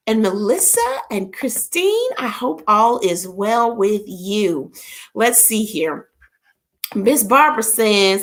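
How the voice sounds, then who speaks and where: A woman's voice: mid-range voice, very animated, takes it slowly. A middle-aged woman hosting a casual live stream, playful and chatty, greeting her viewers by name. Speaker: livestream host. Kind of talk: casual livestream chat.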